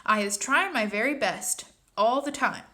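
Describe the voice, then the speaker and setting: A woman's voice: on the high side, measured pace, bright, forceful tone. A woman voicing a kindly, very old male giant who mangles his words and drops word endings, reading a storybook aloud. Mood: earnest. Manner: jumbled made-up words, rustic dropped endings.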